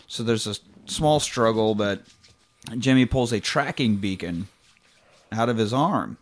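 A man chatting casually as a podcast co-host, retelling a film with swearing and quick put-on lines for the characters. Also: on the low side, expressive. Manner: profane, acts out characters' lines in quick asides. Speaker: podcast co-host recapping a movie.

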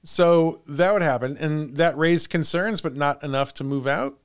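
A man's voice: a little high, normal speed, clear, resonant tone. A man hosting a podcast, telling a haunted-house story in casual chat. He laughs often and trails off into restarts.

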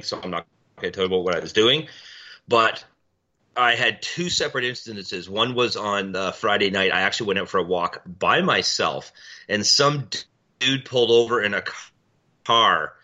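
Blunt, profane man on a dull recording. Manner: blunt, profane storytelling, mimics people in loud high voices. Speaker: podcast co-host. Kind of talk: casual chat. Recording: dull lo-fi audio.

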